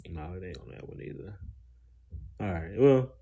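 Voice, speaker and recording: A man talks loosely on a live stream, rambling, full of slang and swearing. His voice sits a bit low, and he chats to his viewers as he goes. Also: animated, moderate pace, warm tone, slightly rough. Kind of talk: casual live stream talk.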